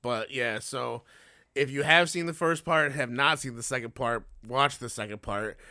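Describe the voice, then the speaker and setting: A man's voice: mid-range voice, moderate pace, bright, forceful tone, no echo, clean studio sound. A man co-hosting a casual podcast, telling rambling, profane stories and laughing often. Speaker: podcast co-host. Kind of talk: casual chat.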